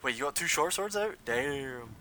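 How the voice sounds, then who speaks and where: Bright-voiced man running a tabletop game. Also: medium pitch, lively intonation. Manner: casual, quick rulings with frequent "uh" and "like". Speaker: dungeon master.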